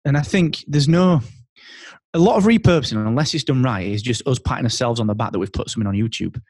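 Man, podcast guest, animated, thinks out loud, mid pitch, dry sound. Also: fast, dry recording. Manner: animated, thinks aloud with restarts. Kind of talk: casual interview chat.

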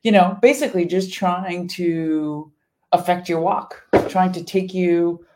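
A woman's voice: on the low side, takes it slowly, background noise. Emphatic woman in devotional chat. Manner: earnest, emphatic. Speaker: co-host.

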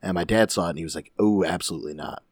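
Man, very low voice, dry close sound, laid-back, swearing. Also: racing, dry recording. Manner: laid-back, profane, joking. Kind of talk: casual chat.

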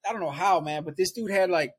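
A young man is the guest in a conversation and tells a long story. His voice sits high for a man and has a husky edge. He talks fast and rambles, dropping "like" and "right?" again and again. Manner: loose rambling delivery with frequent "like" and "right?". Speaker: interview guest.

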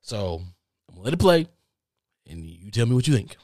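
A man's voice: mid-range voice, sing-song, a little fast, darkish tone, dry recording, clean studio sound. A man hosting a podcast, giving emphatic commentary and often repeating himself as he reacts. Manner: emphatic, repeats words when worked up. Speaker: podcast host. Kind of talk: casual commentary.

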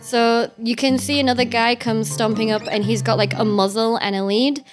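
A woman running a tabletop game with a fairly high voice, describing scenes in a playful way and laughing along. Music plays softly behind her. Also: steady tone, moderate pace. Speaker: game master. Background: background music.

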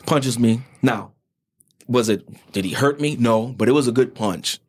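A man's voice: mid-range voice, a little slow, husky, no room sound, clean studio sound. A man, a former fourth grade teacher, telling a story in an interview and acting out the people in it. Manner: animated, acts out quoted voices.

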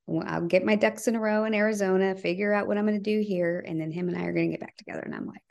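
A middle-aged woman, a podcast guest, telling a personal family story earnestly and acting out the dialogue, her voice sinking low at the heavy parts. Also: fairly even intonation, rapid-fire, vocal fry, a little mellow. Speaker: podcast guest, bereaved mother.

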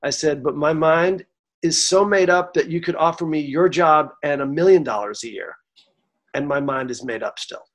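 Higher-pitched man telling his story. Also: moderate pace. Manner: animated, acts out quoted dialogue; gets emotional. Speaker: songwriter guest. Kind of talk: storytelling interview.

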